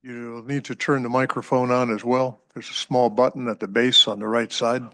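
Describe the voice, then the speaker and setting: Board chairman: a man, measured formal delivery, middle pitch, dry sound. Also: flat delivery, bright, forceful tone, no room sound. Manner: measured, formal, reading figures aloud. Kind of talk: chairing a public meeting. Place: government hearing room.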